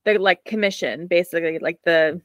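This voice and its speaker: A woman's voice: lowish voice, brisk, no room sound. A woman co-hosting a casual podcast over a video call, laughing a lot and retelling things with animation. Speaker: podcast co-host. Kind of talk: casual chat.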